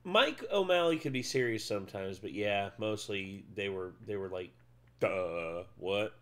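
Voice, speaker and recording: A man's voice: lowish voice, lively intonation, normal speed. A man casually reacting to video clips as a co-host, drawling and laid-back with casual swearing.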